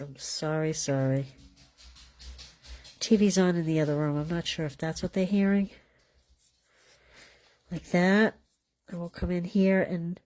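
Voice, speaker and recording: A woman with a lowish, mellow voice talks through a live craft class as she works at her table. She speaks in a loose, chatty way and often drifts off mid-sentence while she colors. The sound comes from a camera mic over her work table at home. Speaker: card-making class host. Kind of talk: casual live craft demonstration.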